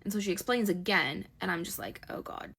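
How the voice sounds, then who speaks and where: A woman casually retelling a bad first date as a storytime, chatty and quick, acting out quoted dialogue in her own voice. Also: lowish voice, animated, creaky, sharp tone, breathy edge.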